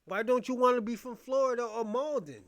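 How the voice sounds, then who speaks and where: A man's voice: extremely high pitch, brisk. A man from Boston giving a casual commentary rant, blunt, profane and repetitive as he vents. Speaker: commentary host.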